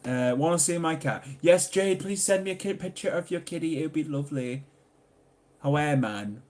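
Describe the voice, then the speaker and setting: A young Geordie man from Newcastle upon Tyne, England, with a voice on the high side and a normal speaking speed, answers viewer questions on a casual livestream. His style is chatty and playful: he reads the chat out, jokes, and lets loose with loud excited exclamations.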